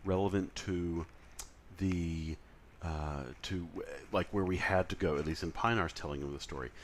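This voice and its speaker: A man's voice: deep voice, normal speed, a little hiss or hum. A man lecturing in a conversational way, with frequent fillers and self-corrections. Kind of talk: recorded lecture.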